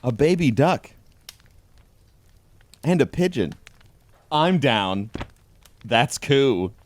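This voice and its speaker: A man giving a deadpan comedic reading of a holiday pun book, with dry delivery. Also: medium pitch, very slow. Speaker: host.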